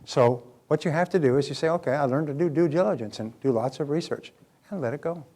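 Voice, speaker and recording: A man's voice: fairly high pitch, fast talker, dark tone. An older man giving a motivational seminar talk, earnest and conversational, often putting questions to the audience. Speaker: seminar speaker. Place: live seminar before an audience.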